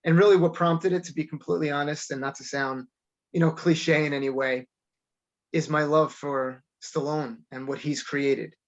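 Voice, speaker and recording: A man's voice: a little high, steady tone, normal speed. Earnest New York man, muffled line. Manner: earnest, reflective storyteller. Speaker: guest, high school teacher. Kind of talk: remote podcast interview.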